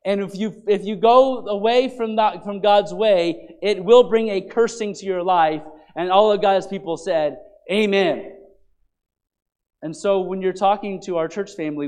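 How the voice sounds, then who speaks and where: High-voiced man preaching a lively sermon. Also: moderate pace. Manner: animated preaching with frequent restarts, rising to loud emphasis. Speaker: pastor.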